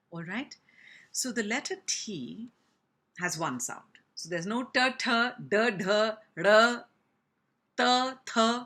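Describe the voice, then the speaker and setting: A woman speech teacher from India giving a pronunciation lesson, speaking slowly and deliberately and demonstrating each sound with exaggerated articulation. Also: lowish voice, bright, forceful tone, breathy edge.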